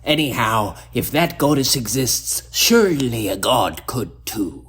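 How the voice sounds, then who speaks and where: A man's voice: medium pitch, animated, unhurried, fairly bright tone, slightly rough. A man playing a lovestruck old sea captain who talks in old sailor speech and growls, in a storytelling piece. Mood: tender.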